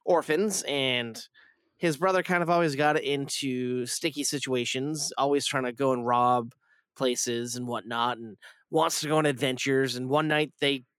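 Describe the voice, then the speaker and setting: A man's voice: medium pitch, steady tone, a little slow, fairly bright tone, clear, resonant tone, no room sound, studio quality. A man hosting a casual film review podcast, rambling with lots of fillers and restarts.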